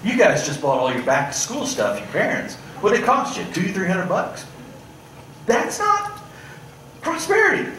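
A male pastor preaching a sermon, swinging between loud, animated stretches and hushed, pointed asides. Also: sits high, unhurried, background noise. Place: church sanctuary. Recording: echoey church room, mic at a distance.

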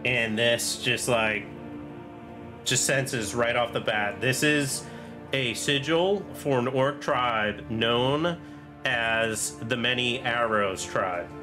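A man running a tabletop game as dungeon master, describing scenes in a casual, halting way with fillers. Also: medium pitch, music in the background.

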